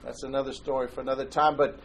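A man's voice: medium pitch, flat delivery, fast, gravelly, slight background noise, poor audio. A man preaching a sermon in church, conversational and joking, telling anecdotes. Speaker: pastor.

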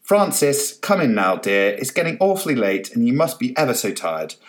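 Man voicing a wife, middle-aged, sharp-tongued, shrill, scolding, storybook reading. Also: sing-song, moderate pace. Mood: coaxing.

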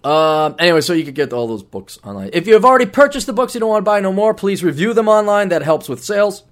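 A man hosting a podcast in a rambling, casual monologue, swearing freely and acting out quick voices as he talks. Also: sits high. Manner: rambling, profane, animated, acts out voices. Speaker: podcast host. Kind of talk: casual monologue plugging books.

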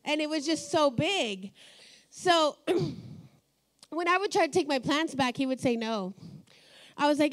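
A woman's voice: high voice, expressive, a little slow, long pauses. A middle-aged woman pastor giving a sermon, telling personal stories and laughing often as she talks. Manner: warm storytelling, laughs often.

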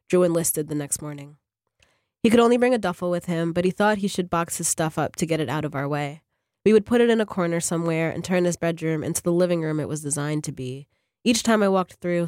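A woman, a fiction writer, reading her own short story on a radio program in a measured, even way. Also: low-pitched, no room sound, clean studio sound.

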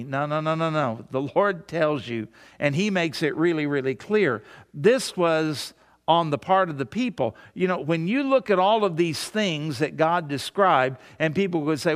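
Male pastor, sermon, slightly high voice, conversational, asks rhetorical questions, long hall reverb. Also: lively intonation, normal speed.

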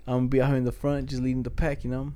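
A young man spins loose, profane stories among friends, full of slang and laughter. His voice is mellow and dark in tone. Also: medium pitch, level tone, rapid-fire, dry recording. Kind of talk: casual chat.

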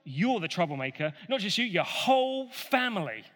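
A man's voice: high-pitched, big pitch swings, moderate pace, fairly bright tone. A man lightly voicing a bold, defiant male prophet who speaks with confidence and a teasing edge. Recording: long hall reverb.

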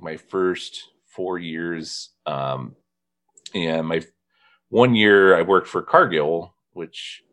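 Deep-voiced man telling casual stories. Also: fairly bright tone. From northern Indiana. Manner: storytelling, laughs often, mimics people in quotes. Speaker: podcast host. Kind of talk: casual chat.

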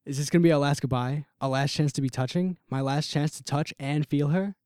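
A man's voice: a little high, steady tone, fairly quick, a little mellow, clean tone, no room sound, clean studio sound. A young man reading a first-person story in an intense, brooding, emotional way.

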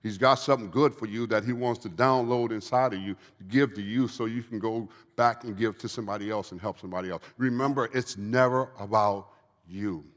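A man's voice: steady tone, fairly quick. Man in his fifties preaching in a hall. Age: 50s. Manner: low, quiet storytelling that swells into fervent exhortation. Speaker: guest speaker giving a testimony. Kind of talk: preaching testimony to a live audience. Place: large hall with an audience. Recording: long hall reverb.

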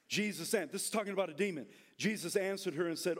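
A male pastor preaching a sermon, bursting into shouted, soaring lines and dropping back into chatty storytelling. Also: fast talker, few pauses, a little hiss or hum. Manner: fiery preaching that swings into shouted high bursts, then drops to storytelling; casual, chatty retelling with restarts.

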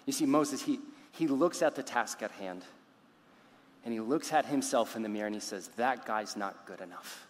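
A man's voice: mid-range voice, moderate pace, in a large hall, a little hiss or hum. A man preaching a sermon, telling a story dramatically and acting out its characters. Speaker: pastor.

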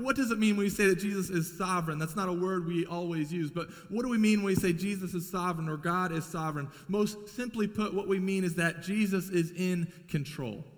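A man preaching a sermon as pastor, emphatic and repeating key lines for weight. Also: high voice. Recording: long hall reverb.

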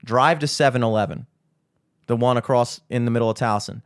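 A man's voice: mid-range voice, a little fast. A young man, telling a rambling, profane story in casual podcast chat and acting out the people in it. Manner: rambling, profane, animated, acts out voices.

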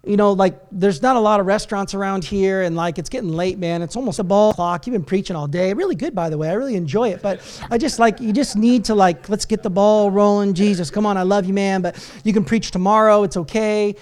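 A man's voice: high voice, a little fast, darkish tone, pitched below the performer's own voice, natural voice. A man voicing a meek male disciple who nervously hints to his teacher, talking in a hesitant, over-polite, rambling way. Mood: sheepish.

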